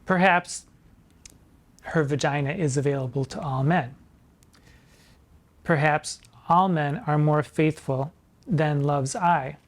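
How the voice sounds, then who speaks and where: A man in drag persona giving literary commentary on sonnets, arch and playful, slowing down to recite quoted lines with emphasis. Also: on the high side. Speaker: drag performer hosting a sonnet discussion.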